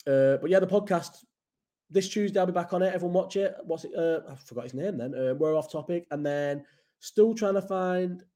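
A man's voice: sits high, a little fast, mellow. A man from the Bolton area with a Bolton accent, hosting a casual live chat in a rambling, blunt and sweary way. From Bolton area, England.

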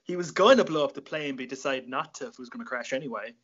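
A man's voice: medium pitch, very fast, fairly bright tone, breathy edge, muffled recording. A young Irish man hosting a casual late-night podcast, swearing freely and laughing at his own jokes. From Ireland. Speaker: podcast host.

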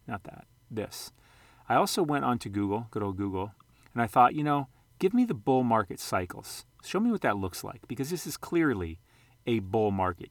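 A man with a fairly low voice talks viewers through charts in a loose, rambling vlog style. He corrects himself often and throws in jokey asides. The sound is dry and close, with no room echo. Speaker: sports card and investing vlogger. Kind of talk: casual screen-share commentary.

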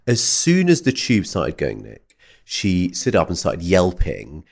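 A man hosting a podcast, telling a long rambling anecdote in an animated, chatty way. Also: deep voice, a little slow, creaky. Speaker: podcast host. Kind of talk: conversational storytelling.

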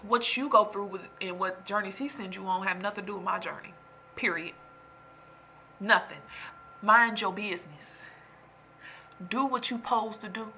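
A woman telling a personal story in casual chat, animated and emphatic, preaching to her listeners. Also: fairly high pitch, a little hiss or hum. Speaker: storyteller venting to viewers.

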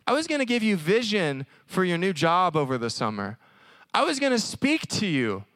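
A man putting on a casual, excited voice for God, who talks like a pleading buddy. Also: sits high, normal speed, no room sound, voice pushed up. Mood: eager. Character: God as an eager, buddy-like male voice.

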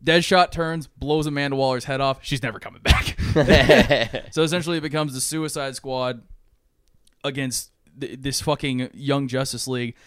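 Smooth-voiced man rambling through a plot. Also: medium pitch, moderate pace, hardly any pauses, dry recording, clean studio sound. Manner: rambling, animated retelling with frequent swearing. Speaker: podcast co-host. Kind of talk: casual chat, pitching a movie plot.

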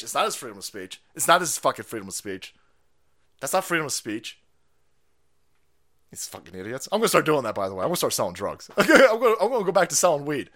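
A man hosts a livestream and rants in a foul-mouthed, fired-up way, breaking into laughter often. His voice sits a little high, swings widely in pitch and has a bright, forceful edge. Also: very animated, quick pace. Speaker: livestream host. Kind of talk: ranting livestream commentary.

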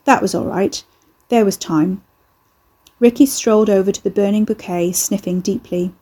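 A woman reading a story aloud as a narrator, in a steady, even storytelling way. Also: medium pitch, moderate pace. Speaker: audiobook narrator. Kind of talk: scripted narration.

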